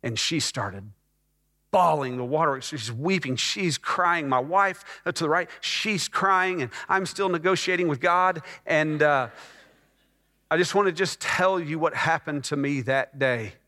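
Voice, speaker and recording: Bright-voiced preacher man in a reverberant hall. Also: on the high side, unhurried. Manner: storytelling, swings from hushed to loud and emphatic. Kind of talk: testimony sermon.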